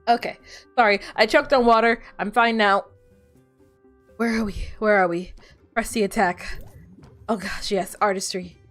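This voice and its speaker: A woman's voice: mid-range voice, steady tone, unhurried, pauses often, fairly bright tone, soft background music. A woman streamer chatting casually while playing a game, rambling and laughing often. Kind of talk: casual gaming stream chat.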